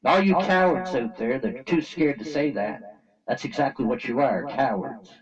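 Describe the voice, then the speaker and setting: A man's voice: mid-range voice, expressive, normal speed, recorded from a distance, dull audio. A man from Canada giving a blunt, angry opinion rant to camera, talking in a colloquial, repetitive way. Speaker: vlogger.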